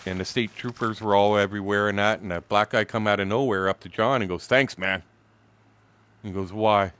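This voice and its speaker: Streaming a game, this sixty-something man from Windsor, Canada, spins a rambling anecdote laced with swearing, blunt and chuckling as he goes. He talks fast in a lowish, steady voice that is clear, resonant and fairly bright.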